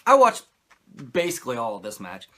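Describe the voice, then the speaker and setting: A man's voice: mid-range voice, huge pitch swings, brisk, fairly bright tone. A man who hosts a podcast, giving a casual, profane and rambling recap of a wrestling show with many fillers. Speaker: podcast host.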